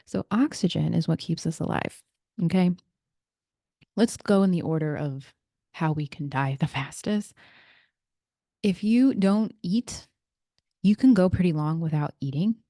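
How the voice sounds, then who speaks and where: A woman's voice: on the low side, dark tone, no room sound, studio quality. A woman hosting a casual solo podcast, explaining breathing in a chatty way with asides and small laughs, speaking into a computer mic. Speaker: podcast host and breathwork practitioner.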